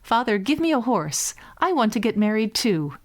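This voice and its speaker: A woman reading a bedtime story, voicing a cheerful, foolish young peasant lad who shouts with glee. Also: fairly high pitch, sing-song, normal speed. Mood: eager.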